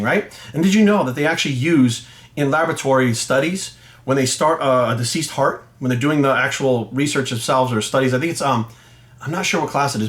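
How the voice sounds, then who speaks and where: A middle-aged man, a fitness coach, telling a story to camera in a blunt, profane, animated rant. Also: medium pitch. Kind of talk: ranting monologue to camera.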